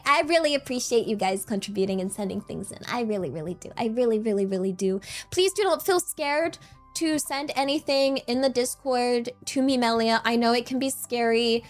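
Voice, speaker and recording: A young woman streaming and chatting casually, rambling and giggly, often repeating herself. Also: fairly high pitch. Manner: giggly, rambling, repeats words, easily excited. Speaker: vtuber streamer.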